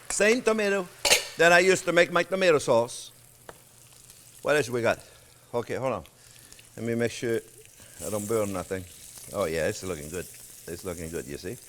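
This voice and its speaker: An older man hosting a cooking demonstration, chatting warmly to viewers as friends and laughing often. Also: a little high. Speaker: cooking show host. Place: home-style kitchen.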